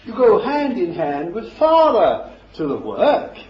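A man's voice: high voice, wildly swooping pitch, takes it slowly. A man preaching a sermon in a fervent, emphatic way, repeating his phrases for stress. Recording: echoey, dull lo-fi recording.

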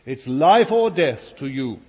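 A man preaches a fervent sermon to a congregation in a church hall, throwing emphatic asides to his listeners. His voice is medium-pitched, husky and darkish, sing-song and slow, and the lo-fi recording is dull with long hall reverb.

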